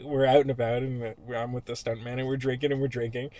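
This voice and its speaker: A man's voice: medium pitch, quick pace, dry recording. A man on a podcast, telling long, profane, rambling stories and acting out the people in them. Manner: rambling, profane, animated storyteller who acts out the people in his stories. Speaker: podcast host. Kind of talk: casual podcast storytelling.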